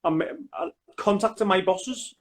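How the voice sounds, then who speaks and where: A man with a Liverpool accent speaks as a soldier guest on a casual video chat. His voice sits high for a man, and he talks earnestly and haltingly, often restarting his sentences. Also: animated, crowd noise.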